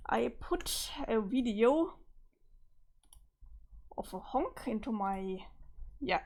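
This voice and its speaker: A woman's voice: a little high, expressive, slow pace, pauses often, a little mellow. A woman, a streamer reading a web comic aloud and chatting, sometimes searching for words. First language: German. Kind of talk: casual read-along commentary.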